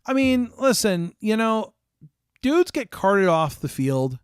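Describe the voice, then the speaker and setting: A man's voice: high voice, very animated, slow pace, clear, resonant tone, no room sound, clean studio sound. An American man hosting a casual stream, chatting with viewers in a rambling way with frequent ums and restarts. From United States.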